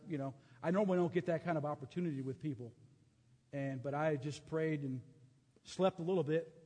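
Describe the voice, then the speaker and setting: A man's voice: fairly high pitch, mellow, long reverb tail. A middle-aged man preaching, telling a personal story in an earnest way with frequent restarts and fillers. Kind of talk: sermon testimony.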